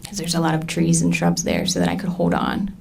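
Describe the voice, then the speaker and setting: A woman in her thirties testifying in a courtroom, halting and full of ums as she recounts what happened. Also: deep voice, very animated, creaky, darkish tone. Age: 30s. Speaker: trial witness.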